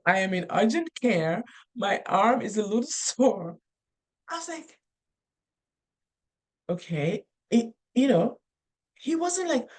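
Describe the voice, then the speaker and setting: Slow-talking woman, earnest storyteller. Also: fairly high pitch. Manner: unhurried, earnest, storytelling with many restarts. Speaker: motivational speaker. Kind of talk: casual motivational talk.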